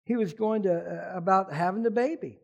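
A man preaching a sermon as pastor, animated, often asking the congregation questions. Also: sits high, a little fast, creaky, dull audio.

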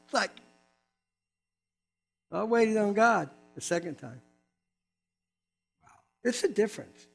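High-voiced older man preaching with humor. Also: gravelly, husky, faint music behind. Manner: animated storytelling with quick asides. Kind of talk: humorous testimony sermon.

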